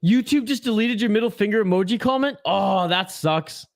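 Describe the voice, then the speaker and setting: A man's voice: high voice, moderate pace, gravelly, no room sound, studio quality. A man hosting a casual livestream, chatty and joking as he reads viewer comments aloud. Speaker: host of a hockey watch-along livestream.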